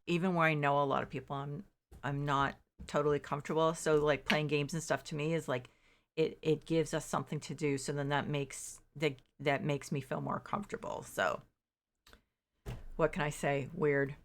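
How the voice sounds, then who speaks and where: A woman's voice: low voice, gravelly, a bit bright. A middle-aged woman streamer chatting casually while playing, rambling and restarting her sentences, acting out her own disbelief. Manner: rambling, self-interrupting, quotes herself in exaggerated disbelief. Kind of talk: casual chat while gaming.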